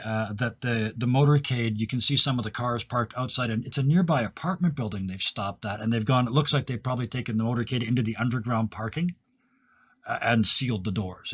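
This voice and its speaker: Husky, low-voiced man narrating a game. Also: a bit bright. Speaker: game master.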